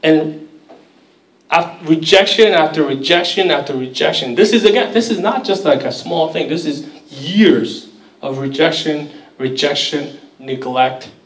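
A man's voice: fairly high pitch, unhurried, reverberant, distant mic, low-quality recording. A man preaching a sermon in a conversational, storytelling way, acting out quoted voices. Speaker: pastor.

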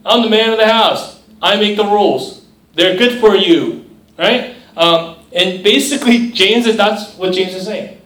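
A young man gives a casual, chatty sermon to a youth group in a high voice, always checking in with the listeners. He is recorded from across an echoey room, some way from the mic. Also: a little slow, a bit bright, distant mic. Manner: conversational, asks the crowd "right?" often, mimics voices. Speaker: youth pastor.

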